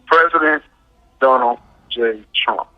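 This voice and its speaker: A man's voice: medium pitch, slow pace, phone-quality sound. A man speaking, giving a casual radio talk as a guest and pressing his points with a frequent "right?". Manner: emphatic, asks "right?" often.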